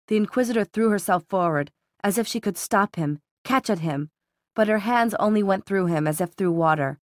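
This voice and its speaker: A woman narrating a novel in an even, unhurried storytelling manner. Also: mid-range voice, no room sound, clean studio sound. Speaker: audiobook narrator. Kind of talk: scripted narration.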